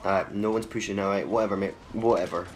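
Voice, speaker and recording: Low-voiced gamer commentating over game noise. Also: male voice, fast talker. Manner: excitable, swears freely, talks to the players on screen. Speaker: gaming channel host. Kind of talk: live gameplay commentary. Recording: game sounds under the voice, clearly audible.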